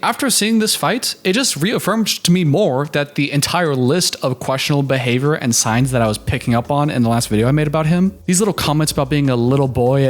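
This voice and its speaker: A man giving sarcastic, incredulous commentary on a reality show. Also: a little high. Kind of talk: reaction commentary.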